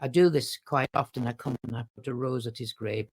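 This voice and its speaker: Manchester accent, woman poet, eager, flustered, high and breathy, put on by a man with a husky voice. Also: fairly even intonation, brisk, lightly acted.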